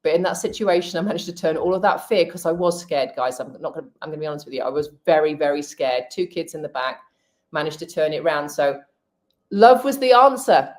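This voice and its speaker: A woman guest, telling a personal story in casual chat, animated and expressive with quick restarts. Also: sits low. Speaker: guest speaker.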